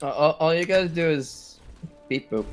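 A man's voice: fairly high pitch, normal speed, faint music behind. A man chatting casually with a teammate while gaming, laid-back and amused. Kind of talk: casual gameplay chat.

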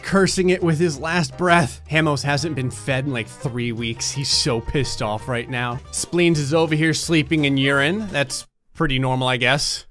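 A man giving comedic, sarcastic commentary over a life-simulation game, often slipping into quick voices for the pets. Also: medium pitch, fairly bright tone, soft background music. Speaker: gaming commentator.

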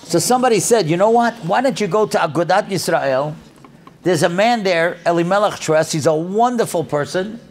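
At a religious event, an older man tells stories at a moderate pace, acting out every character's lines as an animated storyteller. His voice sits high for a man and leaps up and down with each role he takes on.

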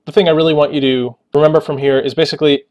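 A man's voice: fairly high pitch, little pitch movement, rapid-fire, darkish tone. A man hosting a Linux tutorial, narrating a screencast in a casual, explanatory way with joking asides.

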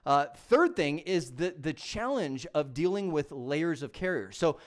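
A middle-aged man from Michigan teaching a casual tech lesson, animated and repeating his words as he acts out phone calls. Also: a little high, a little slow. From Michigan, USA. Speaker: tech instructor.

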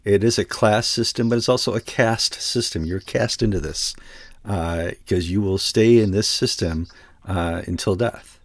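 A man's voice: low voice, unhurried, dry recording. A man hosting a casual news discussion, who jokes and laughs between his remarks. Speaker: news show host.

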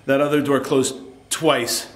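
A man's voice: medium pitch, little pitch movement, a little slow. A man filming a ghost-hunting vlog alone inside an abandoned house, nervous and jumpy, swearing often. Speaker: paranormal investigator vlogger.

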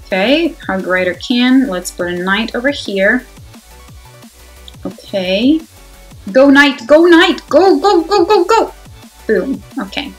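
A woman giving live commentary on her own mobile game, excitable and talking to herself, swinging from loud exclamations to quiet muttering. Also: medium pitch, low-quality recording. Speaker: mobile game player and channel host. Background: faint background music.

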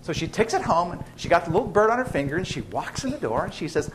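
A man's voice: sits high, big pitch swings, fast talker, a little hiss or hum. A man lecturing to students in a lecture hall, chatty and joking as he teaches. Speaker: biochemistry professor. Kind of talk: university lecture.

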